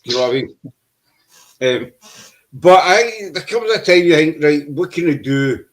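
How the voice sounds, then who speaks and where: A man's voice: fairly high pitch, animated, unhurried. A man hosting a casual paranormal chat show over a video call, with joking banter. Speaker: podcast host.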